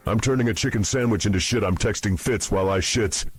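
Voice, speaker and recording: A crude, brash guy hollering from a toilet stall, as a streamer puts him on. The voice sits low and gruff, dropped well below his usual talk. Loud and mocking throughout. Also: fast.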